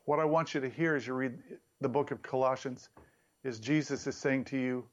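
A man preaching a sermon in an emphatic, animated way, his voice jumping up for emphasis. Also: normal speed, muffled recording. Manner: emphatic, animated preaching with sudden rises in pitch.

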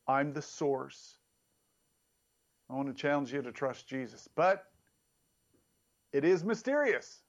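A man delivers a sermon with emphatic, animated energy, his pitch rising sharply when he stresses a point. His voice sits slightly high for a man. The recording is somewhat dull and lo-fi. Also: moderate pace, pauses often. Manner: emphatic, animated preaching with sudden rises in pitch. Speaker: preacher.

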